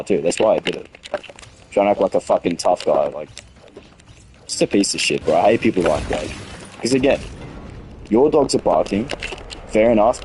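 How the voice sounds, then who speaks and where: A man's voice: fairly low pitch, warm tone, a little hiss or hum, poor audio. A young man in his late teens with an Australian accent, chatting on a stream, rambling and heated, with lots of restarts and swearing. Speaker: gaming streamer. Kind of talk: casual stream chat.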